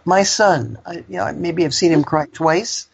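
A woman's voice: on the low side, unhurried, vocal fry, husky. An older woman, a guest, telling a personal story in a candid, rambling way, with lots of fillers and laughter.

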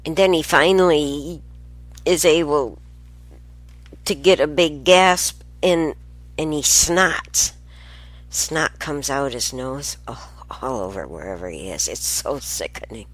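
Deep-voiced older woman, rambling and laughing. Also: fairly bright tone, no room sound. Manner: rambling, sidetracked, laughs often. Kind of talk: casual family storytelling.

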